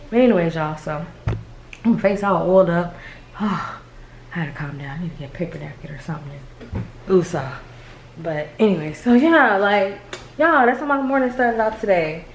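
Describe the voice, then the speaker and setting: A young woman tells viewers a story in a rambling, excitable voice. She keeps calling them "y'all" and talks in quick bursts, like she is chatting with a friend. Her pitch sits in an ordinary middle range. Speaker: family vlogger. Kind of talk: animated storytelling to camera.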